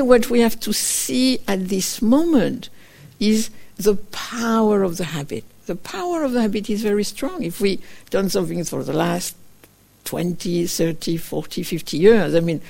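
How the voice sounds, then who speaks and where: A woman teaching meditation in a soft, reflective dharma talk. She often slips into little acted-out asides of her own inner voice. Her talk is loose and unhurried, full of small fillers. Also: medium pitch, lively intonation, vocal fry, slightly rough. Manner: gentle, reflective, with frequent fillers like "kind of". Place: meditation retreat center.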